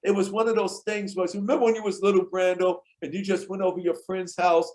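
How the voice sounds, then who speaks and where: A man, a guest on a podcast, telling lively anecdotes and acting out the people in them. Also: sits high, quick pace. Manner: tells anecdotes, acts out quoted people in lively voices. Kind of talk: animated storytelling in conversation.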